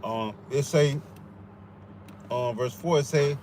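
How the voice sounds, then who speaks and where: A man reading verses aloud in a halting, quiet reading voice. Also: medium pitch, slight background noise.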